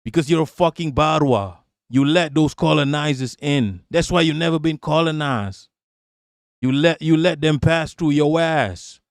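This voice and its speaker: A man's voice: on the high side, a little slow, no echo, studio quality. A man from Southeast Asia giving a heated, profane, mocking political rant on a live stream. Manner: profane, mocking, animated ranting with laughs.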